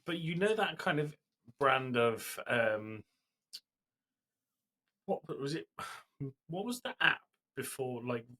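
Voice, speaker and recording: Male co-host, husky forceful voice, loose rambling storyteller. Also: mid-range voice, animated, slow pace, long pauses. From Britain. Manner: rambling storytelling recap with fillers. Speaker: podcast co-host. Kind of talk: casual chat.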